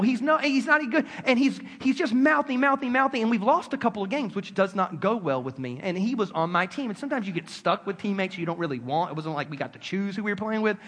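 A man preaching a sermon, telling a personal story with lively swings from loud outbursts to hushed asides. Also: high-pitched, breathy edge, long reverb tail. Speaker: pastor.

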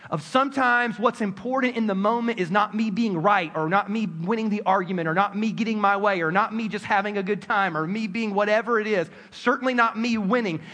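A man preaching a sermon, telling a personal story with lively swings from loud outbursts to hushed asides. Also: sits high, in a large hall. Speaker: pastor.

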